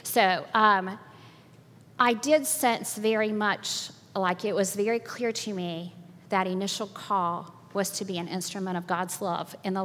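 A woman's voice: mid-range voice, big-room sound. Older woman telling her faith story. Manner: animated, acts out quotes, laughs often. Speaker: church speaker. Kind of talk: personal faith testimony.

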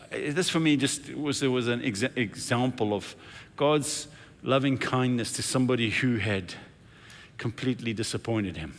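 A man preaching a sermon, telling a story in a lively, conversational way. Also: medium pitch, vocal fry, big-room sound.

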